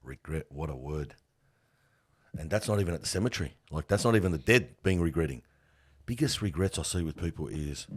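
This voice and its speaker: A middle-aged funeral worker tells stories in a casual interview, earnest and animated, often calling the listener "bro." His bass voice is slightly rough and moves at a moderate pace.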